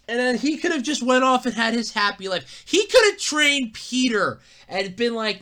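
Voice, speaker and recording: A solo podcast host ranting about gaming news, emphatic and profane. They repeat and restart when worked up, and swing between low mutters and loud outbursts. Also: animated, normal speed.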